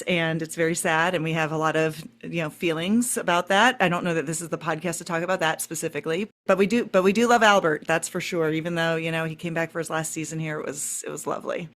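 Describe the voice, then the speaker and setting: Woman in her 40s, podcast guest, slightly low voice, chatty, thinks aloud, quick to laugh. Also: fairly bright tone. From St. Louis area, USA. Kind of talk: casual podcast interview.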